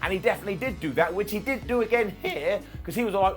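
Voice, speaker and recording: A man gives a playful, self-mocking review that swings between loud bursts and quiet asides. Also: high voice, expressive, fast talker, few pauses, faint music behind. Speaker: wrestling show reviewer. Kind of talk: comedic scripted review.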